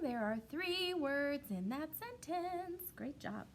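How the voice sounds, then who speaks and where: A woman's voice: high voice, sing-song, slow, few pauses, slight background noise. A young woman teaching an online kindergarten class in a playful, sing-song way, stretching her words and often repeating herself.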